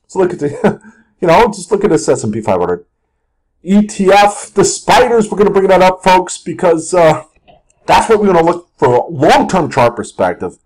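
Man, casual market commentary, rambling and jokey, swooping pitch, slightly husky. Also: sing-song, normal speed, a little mellow. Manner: rambling, jokey, slips into mock outbursts and sung lyrics. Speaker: market video host.

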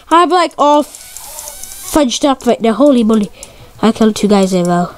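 Excitable high-voiced female gamer. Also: moderate pace. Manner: excitable, stuttery, repeats exclamations; swaps curses for mild words. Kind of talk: live gameplay commentary.

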